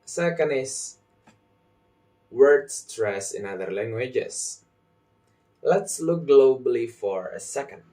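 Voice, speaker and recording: Slow, deliberate young man teaching stress. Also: medium pitch, expressive, warm tone, far from the mic. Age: young adult. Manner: slow, deliberate, repeats example sentences with marked stress. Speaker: student presenter. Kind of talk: recorded phonology lesson. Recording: voice set back from the mic.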